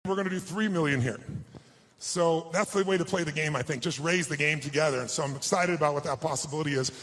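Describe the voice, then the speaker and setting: A man giving a motivational speech and telling a personal story to an audience. He sounds heartfelt, slows down for emotional moments, and turns persuasive and rallying. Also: on the high side, fairly bright tone. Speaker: motivational speaker.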